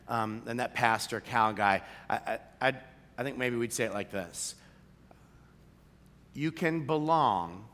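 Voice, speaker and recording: A man preaching a sermon, telling a story with animated delivery and acting out the people in it. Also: medium pitch. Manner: animated storytelling, acts out quoted voices. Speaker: pastor. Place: large church hall. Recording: long hall reverb.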